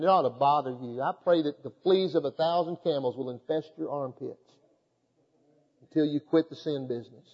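A pastor preaching a sermon, moving from folksy storytelling into fervent, emphatic exhortation. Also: male voice, a little high, a little mellow, long reverb tail, highs cut off.

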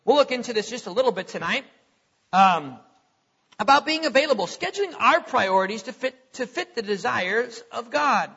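High, bright-voiced preacher in a hall. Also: male voice, very animated, normal speed, vocal fry, husky. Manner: conversational, repeats words, chuckles between points. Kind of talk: sermon. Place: church hall. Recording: lo-fi recording in a reverberant hall.

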